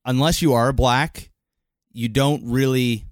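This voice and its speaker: A man's voice: mid-range voice, fairly even intonation, takes it slowly, no echo, clean studio sound. A man co-hosting a podcast, speaking earnestly and hesitantly about a touchy subject, often restarting his sentences. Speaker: podcast co-host. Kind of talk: casual chat.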